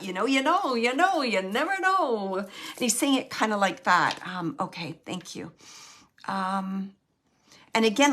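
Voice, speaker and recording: Bright-voiced woman medium, halting delivery. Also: mid-range voice. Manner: halting, filler-heavy, relays spirit's words. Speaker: medium giving readings. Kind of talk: live mediumship reading to audience.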